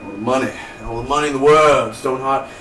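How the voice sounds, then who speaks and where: Man, casual TV recap, rambling, mid pitch, echoey room, set back from the mic. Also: fairly bright tone. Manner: rambling, acts out characters' lines in quick impressions. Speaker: TV review vlogger. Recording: roomy, distant from the mic, faint noise.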